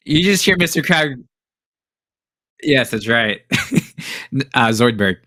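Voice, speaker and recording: Slow-talking, bright-voiced game master man. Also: medium pitch, big pitch swings, no room sound, studio quality. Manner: casual, hesitant, with many fillers and chuckles. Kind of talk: narrating a tabletop game.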